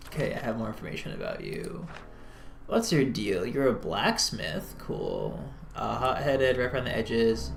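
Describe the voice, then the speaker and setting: Medium in pitch but wildly swooping, this creaky voice moves a little slowly. The streamer gives casual commentary on a narrative game, laughing about their accents, greeting chat and voicing the innkeeper close to naturally, recorded in an echoey room with faint music.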